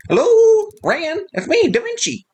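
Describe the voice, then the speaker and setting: A man voicing a pompous, excitable old male mentor who speaks theatrically in a very high voice. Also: measured pace, heavily acted. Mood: pompous exclaiming. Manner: theatrical, exclaiming.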